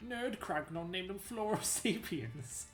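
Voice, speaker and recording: Here a woman with a fairly low voice, animated yet slow, plays a dim-witted male rock-creature chief who begs in broken grammar and surfer slang. She gives him an invented accent, Italian mixed with a country twang. Game music plays in an echoey room.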